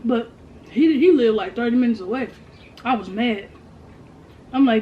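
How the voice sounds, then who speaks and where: A young woman vlogger telling a story in casual chat, animated and slangy, repeating lines for emphasis. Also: a little high, moderate pace, long pauses, muffled recording, a little hiss or hum. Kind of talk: casual storytime while eating.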